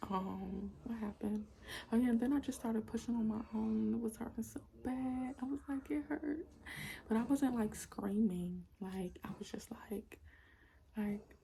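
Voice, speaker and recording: A young woman vlogger at home, casually telling a personal story in a soft, often half-whispered voice full of "like". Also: medium pitch, gravelly, a little hiss or hum. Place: at home with her small children.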